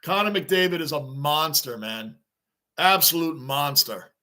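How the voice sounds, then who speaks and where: A man hosting a live sports reaction stream, excitable and rambling as he answers viewers' chat. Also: a little high, measured pace. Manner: excitable, talks back to chat comments, rambling.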